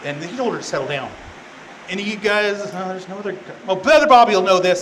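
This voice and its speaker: A man's voice: high-pitched, animated, brisk, fairly bright tone, a little hiss or hum, poor audio. A man teaching a youth Bible class, telling the story casually with joking, rambling asides to the room.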